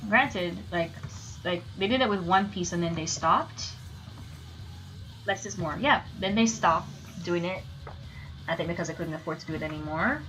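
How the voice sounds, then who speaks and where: A young woman streamer in casual chat, animated and swearing as she rants. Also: fairly low pitch, normal speed, long pauses, faint music behind, low-quality recording.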